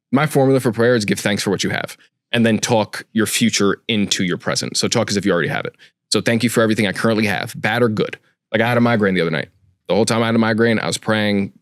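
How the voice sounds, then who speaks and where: Deep voiced guy, talks fast, blunt, swears constantly, podcast chat. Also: a bit bright, no room sound, clean studio sound. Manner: blunt, curses a lot. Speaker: podcast co-host, tattoo artist. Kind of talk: casual chat.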